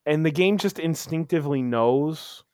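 A man's voice: on the high side, normal speed, darkish tone, dry recording, studio quality. A man chatting casually as a podcast co-host, telling a story with lots of restarts and emphatic bursts. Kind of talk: casual chat.

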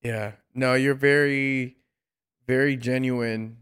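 A man's voice: mid-range voice, fairly even intonation, slow, fairly bright tone, clean tone. A man hosting a casual interview, praising his guest and talking in loose sentences with many fillers and repeated words. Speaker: host.

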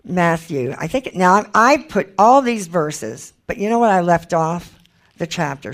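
A woman giving an informal Bible teaching, chatty and emphatic, thinking aloud as she looks up verses. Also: low-pitched.

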